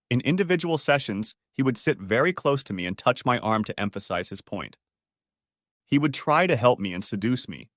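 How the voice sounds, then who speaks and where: A man narrating a dramatic first-person story in an expressive storytelling manner. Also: lowish voice, no echo, studio quality. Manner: expressive, switching between characters' first-person accounts.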